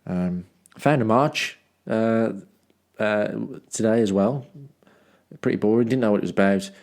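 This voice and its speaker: A man's voice: lowish voice, measured pace, a little mellow. A man from Dudley reading his travel journal aloud as a podcast host, with wry self-mocking asides and rambling ums and restarts. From Dudley, England.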